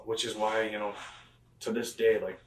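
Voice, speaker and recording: His voice is fairly low with little pitch movement, and he keeps a moderate pace while rambling through filler-heavy accounts of past conversations. He is a professional wrestler giving a conversational storytelling interview, picked up by a distant mic in an echoey room with slight background noise.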